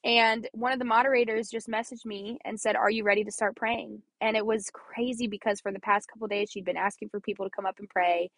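A woman's voice: medium pitch, fairly even intonation, fairly quick, hardly any pauses, fairly bright tone, no room sound. Give me an earnest, chatty young woman from Missouri talking about faith, in a dry, close recording. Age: young adult. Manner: earnest, chatty, laughs often, repeats phrases. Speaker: podcast host. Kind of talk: personal faith talk.

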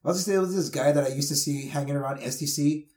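A man, a bit higher-pitched than most men, talking casually on a podcast. He rambles through his stories with plenty of filler words. His voice bounces around a roomy space. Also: very fast, a loud crowd. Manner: loose storytelling, many filler words and laughs. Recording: roomy echo.

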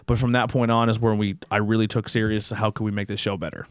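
A man's voice: on the low side, flat delivery, fast talker, clean tone, no room sound. Chatty, foul-mouthed podcast host guy. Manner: loose, profane, rambling storyteller. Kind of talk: casual chat. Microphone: podcast microphone.

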